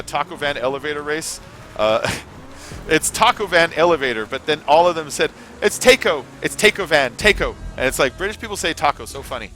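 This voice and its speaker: A man's voice: medium pitch, pushed and bright. A man hosting a live gameplay stream, chatting in a rambling, casual way, swearing now and then and reading chat messages aloud. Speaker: gaming livestream host.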